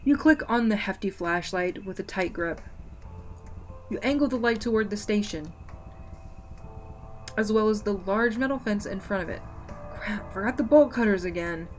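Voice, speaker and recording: A woman's voice: mid-range voice, lively intonation, normal speed, pauses often, darkish tone, faint music behind. A woman streamer reading a visual novel aloud and chatting playfully with her viewers.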